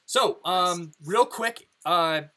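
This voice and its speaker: A man running a tabletop session as game master, his voice bright and clear. He narrates in halting bursts, restarting phrases as he describes what the players see. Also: high-pitched. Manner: halting, repeats words while narrating.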